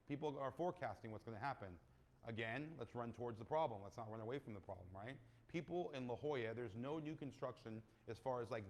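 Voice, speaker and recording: Speaking with a mid-range voice, this Californian real estate investor chats casually in an interview. He's lively and narrative, imitating the people he quotes and ending lots of sentences with "right?"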